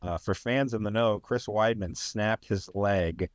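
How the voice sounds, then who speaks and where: A man's voice: lowish voice, measured pace, clear, resonant tone, no room sound, studio quality. A man hosting a podcast in casual sports chat, rambling and wry with sarcastic asides. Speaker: podcast host.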